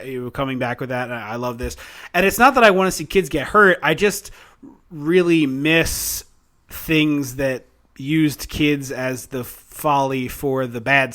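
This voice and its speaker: A man's voice: mid-range voice, fairly bright tone. A man co-hosting a podcast, chatting enthusiastically about a film with lots of fillers and restarts. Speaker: podcast co-host. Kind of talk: casual chat, film review.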